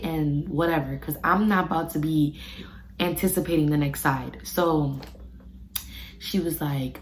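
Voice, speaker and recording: A woman's voice: deep voice, steady tone, moderate pace, a little hiss or hum, low-quality recording. A young woman in her twenties telling a story in slangy casual chat while doing her makeup, recorded close on a phone indoors. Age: 20s. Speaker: beauty vlogger. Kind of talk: casual get-ready-with-me chat. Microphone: phone camera close up.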